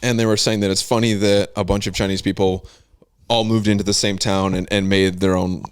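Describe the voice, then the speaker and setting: A man hosting a casual comedy podcast, talking in a deadpan, provocative way. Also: fairly low pitch, fairly quick, clean tone, no echo. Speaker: host.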